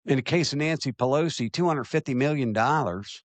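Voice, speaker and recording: A man's voice: medium pitch, fairly quick, dry recording. A man hosting his own podcast, ranting emphatically and answering listener questions, often repeating himself to drive a point home. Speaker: podcast host. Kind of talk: opinion rant and listener Q&A.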